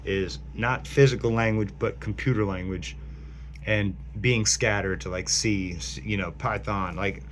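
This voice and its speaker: Low-ish voiced guy rambling into his phone, lots of um and you know, faint hum behind. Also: steady tone, unhurried, fairly bright tone. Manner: meandering, full of fillers and restarts. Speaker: vlogger. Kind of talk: rambling speculative monologue.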